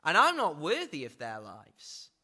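A man's voice: on the high side, huge pitch swings, a little slow, bright, forceful tone. A man preaching a sermon in a conversational way, often adding tag questions.

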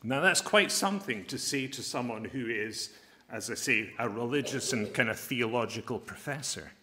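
A man preaching a sermon as a pastor and chaplain, earnest and emphatic, slowing down to stress key phrases. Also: medium pitch, expressive, bright, forceful tone, a little hiss or hum.

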